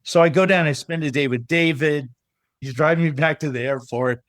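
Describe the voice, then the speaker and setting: Animated middle-aged man telling a story. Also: on the high side, moderate pace, no echo, studio quality. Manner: animated storyteller who acts out remembered dialogue. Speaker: podcast guest, business coach. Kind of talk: storytelling in a casual interview.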